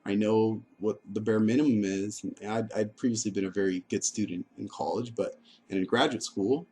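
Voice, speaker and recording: Low-voiced man, halting candid monologue. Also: steady tone, dark tone, husky. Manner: halting and frank, with frequent fillers, restarts and swearing. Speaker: vlogger telling his life story. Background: music playing.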